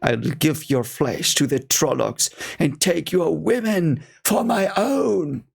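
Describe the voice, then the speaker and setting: A man voicing a cruel male Fade monster, reading its threats slowly in a raised voice. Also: lively intonation, gravelly, slightly rough, heavily acted. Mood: menacing. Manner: slow, high, drawn-out threats.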